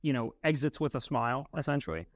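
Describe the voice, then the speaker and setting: A man's voice: mid-range voice, animated, quick pace, no room sound. Young man musing on a podcast. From Massachusetts, USA. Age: young adult. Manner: reflective, uses fillers like "right?" and "you know". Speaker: podcast co-host. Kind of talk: casual podcast discussion.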